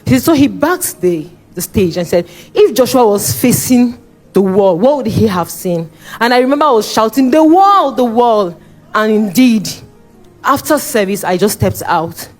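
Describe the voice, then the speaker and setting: Animated young Nigerian woman testifying. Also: mid-range voice, normal speed, faint music behind. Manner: animated, re-enacts her own shouting and pleading. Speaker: church member giving testimony. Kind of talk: spoken church testimony.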